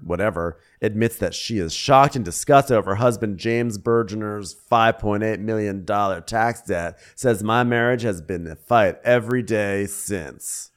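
A man co-hosting a comedy podcast, recapping a reality show in a mocking, animated way and slipping into impressions. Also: fairly low pitch, moderate pace, hardly any pauses. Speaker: podcast co-host.

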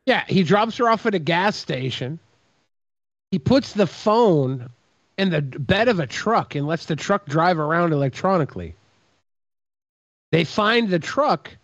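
A man's voice: a little high, animated, measured pace, long pauses, dry recording. A man co-hosting a podcast, making sarcastic remarks and speculating in casual chat. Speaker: podcast co-host. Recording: dull lo-fi mic.

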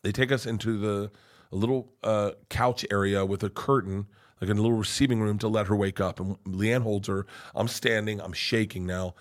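A middle-aged man telling a long story as a podcast guest, cursing freely and swinging from hushed to loud. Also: lowish voice, fairly even intonation, normal speed. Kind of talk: casual storytelling.

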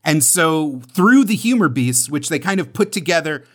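A man's voice: a little high, lively intonation, moderate pace. A man co-hosting a podcast, chatting casually and rambling with lots of fillers and restarts. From United States. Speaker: podcast co-host.

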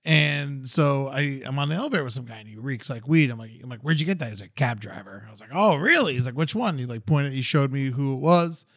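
A man's voice: mid-range voice, lively intonation, fast talker, hardly any pauses, a bit bright, dry recording, studio quality. A man in his forties, co-hosting a podcast, telling a rambling, profane story in a casual chat. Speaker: podcast co-host.

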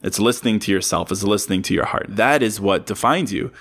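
A man speaks alone on his podcast in a fairly low voice, gently motivational and earnest. He circles back over his points, repeating words for emphasis. Now and then he breaks the sincerity with a quick self-aware joke. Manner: earnest, repetitive, joking asides. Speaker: podcast host. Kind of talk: casual motivational monologue.

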